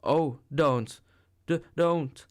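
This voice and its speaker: Breathy, pleading young woman, higher voice, slow as a male reader puts her on. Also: very animated, fairly bright tone, heavily acted. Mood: frightened.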